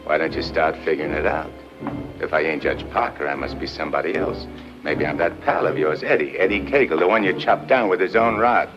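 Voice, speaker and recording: A menacing, slangy gangster. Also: male voice, extremely low pitch, a little fast. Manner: slangy tough-guy talk, menacing. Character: tough male gangster back from the dead, menacing. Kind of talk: 1940s film acting. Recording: muffled old film soundtrack with music.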